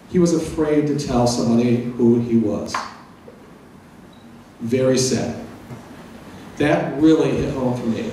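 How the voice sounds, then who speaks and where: Middle-aged guy giving a lecture, candid and a bit funny, mellow voice, faint room hum. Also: medium pitch. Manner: candid, with humor. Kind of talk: personal storytelling lecture. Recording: echoey hall, voice from far off.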